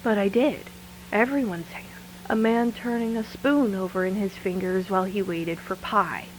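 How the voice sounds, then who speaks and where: A woman's voice: mid-range voice, a little hiss or hum, lightly acted, poor audio. An actress voicing a frightened, sleepless woman who confides her thoughts to a tape recorder in an audio drama monologue. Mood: hushed. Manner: hushed and confiding, then rattled and angry. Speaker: lead character of an audio drama.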